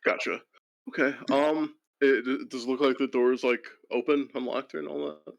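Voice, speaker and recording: A man's voice: medium pitch, steady tone, moderate pace, creaky, a crowd in the background. A man playing a tabletop game, chatting and asking hesitant questions. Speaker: player. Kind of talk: casual chat.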